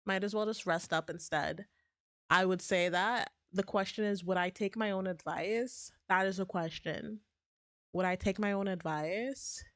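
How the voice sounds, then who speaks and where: A woman's voice: mid-range voice, a little slow, a bit bright, no room sound, clean studio sound. A young woman chatting casually on a livestream, rambling, joking at her own expense and laughing often. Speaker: streamer.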